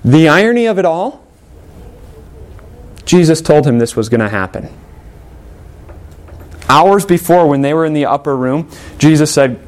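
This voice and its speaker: A man preaching a sermon, telling the story in a lively way and acting out the characters' lines. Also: fairly high pitch, moderate pace, long pauses. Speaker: pastor.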